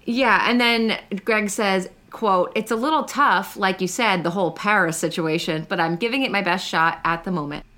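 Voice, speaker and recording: Young female co-host, bright and chatty, teasing gossip delivery. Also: medium pitch, moderate pace, few pauses. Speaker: podcast co-host. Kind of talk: casual gossip chat.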